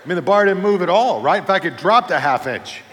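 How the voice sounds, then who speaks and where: A man preaching a sermon, telling a funny personal story with lively build-ups before easing into a quieter reflective close. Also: sits high, fairly quick, slight background noise. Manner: lively storyteller, builds to excited comic peaks then softens. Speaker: pastor. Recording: reverberant hall.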